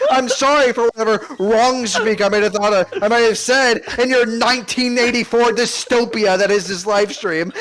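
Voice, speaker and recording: A man's voice: very high voice, a bit bright, poor audio. A man in casual chat, ranting and complaining in an exasperated way. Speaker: streamer's friend on call. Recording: music playing behind.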